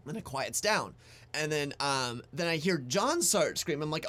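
Young male podcast co-host, animated delivery, profane and excitable, slightly high voice. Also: moderate pace. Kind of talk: casual chat reacting to videos.

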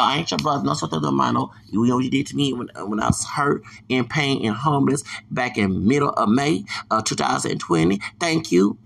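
Male podcast host, solo rant: very gravelly, pushy and heated, repeats himself. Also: mid-range voice, a bit bright. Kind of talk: angry monologue rant.

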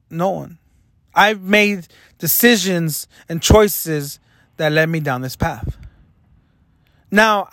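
A young man with a notably high voice speaks in a candid, reflective confessional vlog. He is earnest and hard on himself. The sound is dry and close, with no room around him. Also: a bit bright, dry recording. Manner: earnest, self-critical, reflective. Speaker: vlogger.

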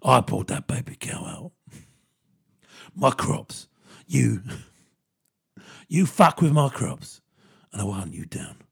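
A man putting on the voice of a gruff, menacing tough-guy hard man, speaking lower than his usual voice. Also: sing-song, slow, long pauses, full character voice. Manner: menacing, growled threats.

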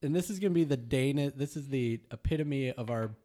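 A man's voice: mid-range voice, fairly quick, warm tone. A young man co-hosting a podcast, chatting casually and animatedly while tasting cheese in a studio, often laughing and talking with his mouth full. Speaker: podcast co-host.

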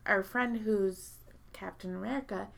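A woman in casual chat, telling a long story full of fillers and swearing and jumping into high, loud voices when she quotes people. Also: measured pace, creaky. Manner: rambling, profane, heavy filler words.

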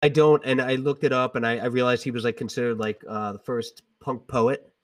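A man's voice: medium pitch, fairly even intonation, fairly quick, dry recording, distant mic. A middle-aged man talks through songs on a podcast, stopping and restarting often with plenty of ums. His voice sits a little back from the mic in a dry, dead room. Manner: hesitant, many ums and restarts. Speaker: podcast co-host, English teacher. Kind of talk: casual podcast chat about music.

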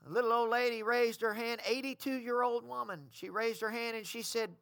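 A man's voice: very high voice, fairly even intonation, normal speed, creaky, clean tone, dry recording, clean studio sound. A man preaching a sermon, telling a story and calling the congregation to respond. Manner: storytelling, rising to shouted fervor.

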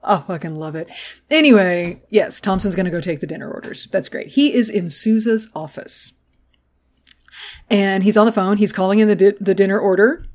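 Woman, podcast co-host, casual recap chat, animated, salty language, acts out lines. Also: medium pitch, moderate pace. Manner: animated, swears freely, acts out character lines.

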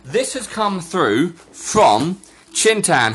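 A man's voice: medium pitch, expressive, normal speed, fairly bright tone. A young man hosting a podcast in casual chat, joking and teasing his guest, often poking fun at himself. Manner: joking, self-mocking, teasing. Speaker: podcast host.

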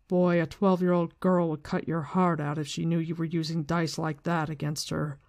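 Dry teasing old minstrel guy, reader doing the voice, middle pitch. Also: level tone, normal speed, a little mellow, lightly acted.

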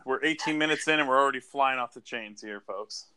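A man's voice: mid-range voice, brisk, a little hiss or hum. A man hosting a podcast in casual chat, talking animatedly and loosely with lots of "like" and "dude.". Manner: animated, chatty, uses "like" and "dude". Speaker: podcast host.

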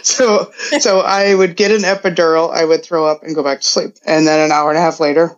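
A woman's voice: low voice, steady tone, brisk, highs cut off. A middle-aged woman, a podcast guest, telling a long story in casual chat, chatty and often laughing. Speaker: podcast guest, mother of a co-host.

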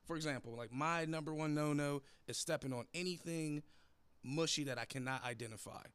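A young adult man hosting a podcast interview, talking casually and telling lively stories. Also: on the high side, fairly quick, clear, resonant tone, no room sound. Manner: animated storytelling, acts out quoted voices. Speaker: podcast host.

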